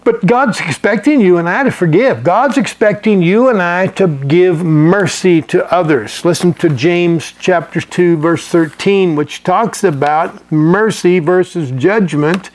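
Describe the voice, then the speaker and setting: A man's voice: sits high, unhurried, few pauses. A middle-aged male pastor teaching a sermon in a folksy, conversational way, chuckling and restarting his sentences.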